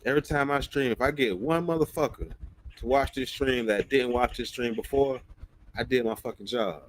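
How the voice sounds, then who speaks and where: A man's voice: mid-range voice, normal speed, slight background noise. A man ranting bluntly on his livestream, profane and emphatic.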